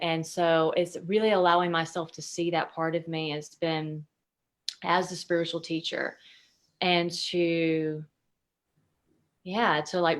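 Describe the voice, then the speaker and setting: Brief: woman guest, lowish voice, candid storyteller, emotional, swears, filler-heavy. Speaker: podcast guest, intuitive consultant.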